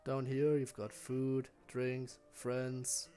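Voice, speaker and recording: A man voicing a laid-back, joking male skeleton sentry from a video game, reading the lines in a chill, unhurried drawl. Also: medium pitch, completely flat delivery, dark tone, faint music behind. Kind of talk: reading game dialogue aloud.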